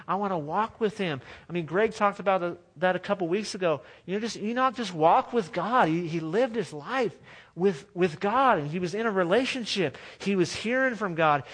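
A man preaching a sermon as pastor, earnest and conversational, often restarting his phrases. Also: high voice.

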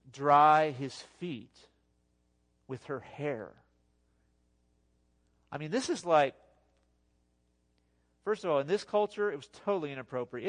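A man giving a sermon as a pastor, talking to the congregation in a conversational, animated way with asides. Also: medium pitch.

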